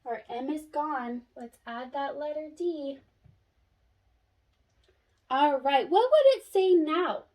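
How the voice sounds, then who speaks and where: A young woman teaching a phonics lesson, sounding out letters slowly and praising an imagined class. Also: high voice, lively intonation, mellow. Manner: slow, sing-song classroom praise and sounding out.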